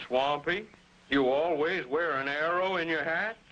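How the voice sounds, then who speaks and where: A man's voice: a little high, a little slow, a bit bright. An actor playing a worried middle-aged male rancher and father in a 1950s cartoon. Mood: jovial. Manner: anxious, pleading. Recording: dull lo-fi old cartoon soundtrack.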